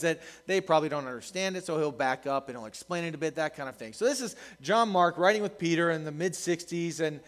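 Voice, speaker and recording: Male pastor, raised voice, lively sermon storyteller, echoing hall. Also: sits high. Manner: lively, animated storytelling with laughs.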